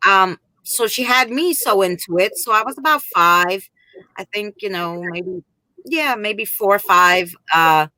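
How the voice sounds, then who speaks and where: A woman's voice: medium pitch, lively intonation, a little slow, pushed and bright, no room sound. A woman in casual chat, telling rambling stories with lots of fillers. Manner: rambling, chatty storyteller with many fillers.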